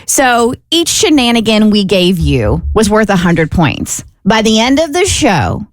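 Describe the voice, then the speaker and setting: Female radio co-host, bright lively delivery, dry close mic, playful game-show tone. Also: medium pitch, a little slow, dry recording. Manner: playful, explaining game rules. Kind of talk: morning radio banter.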